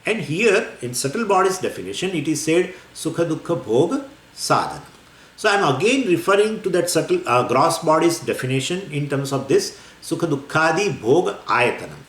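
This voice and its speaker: A man giving a scripture lecture as a spiritual teacher, explaining in a lively, wandering way with many fillers and small laughs. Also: a little high, brisk. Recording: echoey room with faint ambience.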